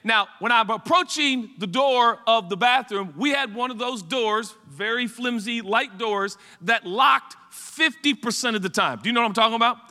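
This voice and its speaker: A man's voice: very high-pitched, moderate pace, few pauses. A middle-aged man, a pastor, telling a rambling, funny story in a sermon to his congregation. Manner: animated and chatty, rambling asides to the congregation. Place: church sanctuary. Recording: long hall reverb.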